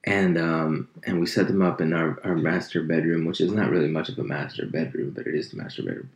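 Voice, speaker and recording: A man's voice: very deep voice, brisk, vocal fry. A man in his thirties rambling in casual chat as a podcast host, profane and self-mocking. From United States. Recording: echoey room.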